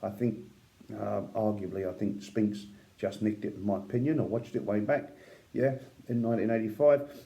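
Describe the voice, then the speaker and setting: A man's voice: fairly low pitch, fairly even intonation, moderate pace, creaky, warm tone. A man telling boxing history in a casual, opinionated way, with many asides and fillers. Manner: conversational, with fillers and asides like "yeah" and "right?"; admiring, opinionated. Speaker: boxing commentator. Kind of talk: casual storytelling.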